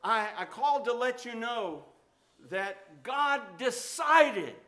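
A man's voice: extremely high pitch, slow, voice pushed up, full character voice. A man voicing an overjoyed young husband exclaiming to his wife and mother. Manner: excited, exclaiming.

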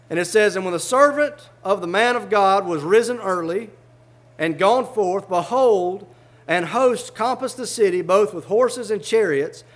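A man with a notably high speaking voice preaches a fervent sermon. He reads scripture in old-fashioned wording and then explains it to the congregation in plain, everyday terms.

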